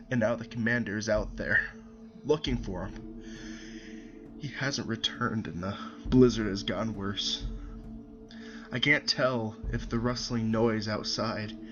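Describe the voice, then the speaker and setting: In a muffled recording, a man with a fairly low voice lightly acts out a creepypasta. He plays a terrified young soldier writing in his diary, stammering in panic and slipping into whispers.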